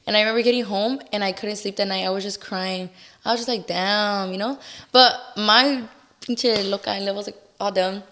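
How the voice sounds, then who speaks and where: A woman's voice: mid-range voice, steady tone, moderate pace, bright, forceful tone. A young adult woman, a podcast guest, telling a personal story in a chatty way with many "like" fillers, acting out what people said. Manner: chatty, lots of "like" fillers, acts out quoted lines. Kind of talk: casual storytelling interview.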